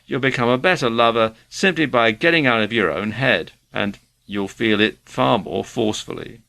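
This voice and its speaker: A man's voice: medium pitch, normal speed, gravelly, bright, forceful tone. A man giving earnest, conversational self-help advice to the viewer. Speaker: self-help video presenter. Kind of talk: motivational talk to camera.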